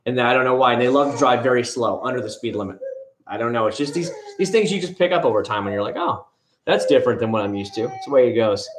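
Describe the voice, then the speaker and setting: A man's voice: medium pitch, fast, noisy background. Chatty man rambling on a livestream. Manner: rambling, chatty, answers viewers by name. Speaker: livestream host. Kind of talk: casual livestream chat reading comments. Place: home. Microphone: headset.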